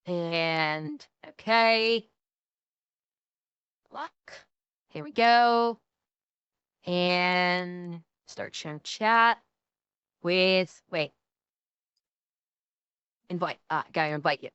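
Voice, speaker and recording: A woman with a Midwestern American accent chats casually as a streamer, laughing often. Her voice is bright and crisp, slightly high, and recorded dry and close. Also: extremely slow, long pauses, dry recording, muffled recording.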